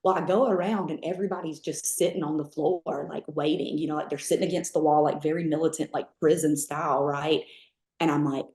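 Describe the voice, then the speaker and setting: A woman with a Southern American accent, telling her life story as a lively, chatty interview guest full of fillers. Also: low-pitched, fairly quick, roomy sound. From Southern United States. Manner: lively, chatty, many fillers, mimics others in quotes. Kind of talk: animated storytelling in conversation.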